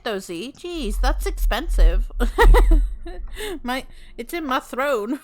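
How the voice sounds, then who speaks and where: A woman's voice: high voice, big pitch swings, extremely slow, faint music behind. A young woman streaming as a VTuber, chatting casually and teasingly with viewers and laughing often.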